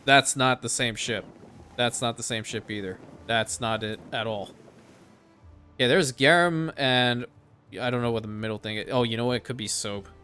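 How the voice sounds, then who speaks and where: Guy with a bright punchy voice talking thru his city builder game, cussing a bit, soft music under it. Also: medium pitch, normal speed. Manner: thinks aloud, casual swearing. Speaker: let's play host. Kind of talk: casual gameplay commentary.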